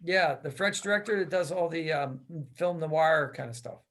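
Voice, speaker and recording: A man with a high voice hosts a podcast interview over a video call. He talks in a chatty, animated way, with plenty of likes and ums. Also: normal speed. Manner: chatty, animated, loose with fillers. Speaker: podcast host.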